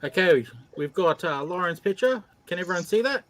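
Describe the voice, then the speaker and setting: A man's voice: high voice, lively intonation, a little fast, fairly bright tone. A man hosting a casual drawing stream, laid-back and joking as he moves things along.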